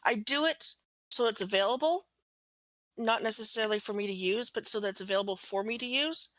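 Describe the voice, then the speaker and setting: Bright, chatty woman co-host. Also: a little high, brisk, dry recording, rough recording. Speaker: podcast co-host. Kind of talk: casual chat.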